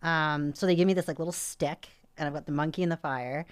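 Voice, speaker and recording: Low-voiced woman telling a story. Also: quick pace. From North America. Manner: animated, frequent "like" fillers, quotes herself. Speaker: podcast guest. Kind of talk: casual storytelling.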